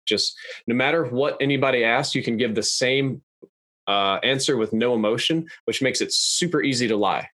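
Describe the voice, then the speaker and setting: A young adult man talking in a measured, analytical, plain-spoken way as a podcast guest. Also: mid-range voice, fairly bright tone, no echo. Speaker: guest YouTuber. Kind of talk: casual podcast interview. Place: podcast studio.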